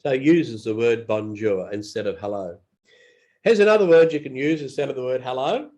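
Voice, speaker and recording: A man's voice: mid-range voice, darkish tone. A man teaching English phrases in a casual lesson, repeating each one aloud and not feeling well. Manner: slow and repetitive, models phrases aloud. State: unwell.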